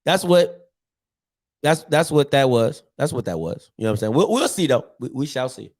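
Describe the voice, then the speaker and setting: A man hosting his own show, ranting casually about sports in an animated, repetitive and mocking way. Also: mid-range voice, moderate pace. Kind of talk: casual sports rant to camera.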